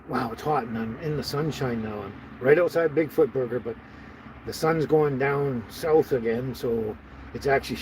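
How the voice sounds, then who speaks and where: A man's voice: mid-range voice, a little mellow, a little hiss or hum, poor audio. A man hosting a casual live stream from inside his camper, rambling, laughing often and greeting viewers by name.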